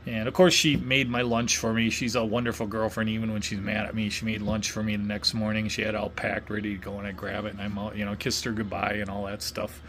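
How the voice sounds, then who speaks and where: A man's voice: fairly low pitch, completely flat delivery, fast talker, few pauses, a bit bright, slight background noise. A middle-aged man from Wisconsin telling a casual story in a rambling way, full of fillers and restarts. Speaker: vlogger.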